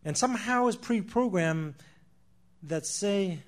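With a voice unusually high for a man, he preaches in an impassioned, animated way at normal speed, leaving long pauses. Loud declarations give way to hushed asides, and he repeats phrases for emphasis while addressing his audience as "my friend".

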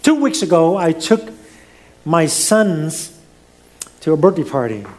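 A man in middle age delivers a sermon from the pulpit. His voice sits high and swings widely, climbing for emphasis and dropping low at the ends of phrases. His phrasing carries non-native grammar. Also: slow. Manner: preaching with lively rises and drops, non-native grammar. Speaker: pastor.

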